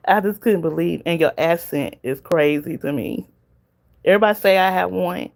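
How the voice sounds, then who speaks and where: Fairly low-pitched and darkish, with vocal fry, this woman's voice carries a Southern US accent. She's a livestream host from the Southern United States, chatting casually with her viewers and laughing frequently.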